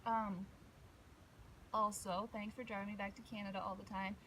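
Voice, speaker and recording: A young woman, a college softball teammate, giving a warm, rambling farewell message full of fillers. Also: mid-range voice, little pitch movement, moderate pace, a little hiss or hum, poor audio. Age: young adult.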